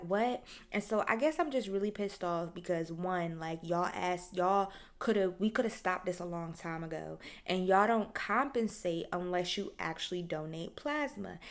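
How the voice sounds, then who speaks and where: Woman, podcast host, casual storytelling, animated, profane, acts out dialogue. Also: medium pitch.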